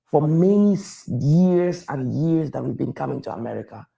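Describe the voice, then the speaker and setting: Gravelly man speaking emphatically. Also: on the high side, animated, normal speed, warm tone. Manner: emphatic, repeats phrases while building a point. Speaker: speaker on wealth and taxes. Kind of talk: public talk to an audience. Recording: echoey room from a distance.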